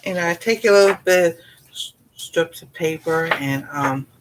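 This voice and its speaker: A woman's voice: low voice, moderate pace, a little hiss or hum. A woman with a Southern US accent chatting casually on a livestream as host of a cooking channel. She rambles in a folksy way, says "y'all" and laughs often.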